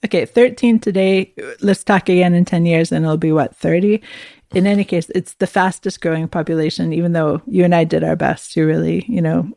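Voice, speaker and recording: A woman's voice: fairly low pitch, fairly even intonation, a little fast, gravelly, dark tone, no echo, clean studio sound. A middle-aged woman hosting a podcast, talking in an engaged, reflective way. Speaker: podcast host. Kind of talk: podcast conversation.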